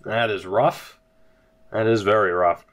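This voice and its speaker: A young man commentating his own hockey video game, mostly deadpan and low-key, with sudden bursts of disbelief. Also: a little slow. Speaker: gaming commentator. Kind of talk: casual let's-play commentary. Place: home room early in the morning.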